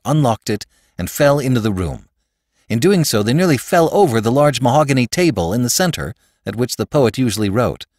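A man narrating a classic story in an expressive, dramatic reading style as a podcast host. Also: medium pitch, dry recording, clean studio sound. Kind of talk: audiobook narration.

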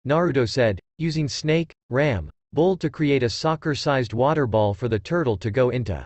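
A man narrating a fan fiction story with brisk storytelling. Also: medium pitch, lively intonation, a little mellow, no room sound.

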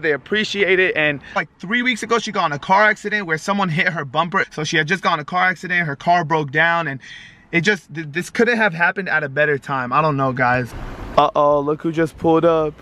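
A man's voice: fairly high pitch, pushed and bright. A man hosting a casual vlog outdoors by a car, talking upbeat and chatty to his viewers. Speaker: vlog host. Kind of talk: casual vlog talk to camera.

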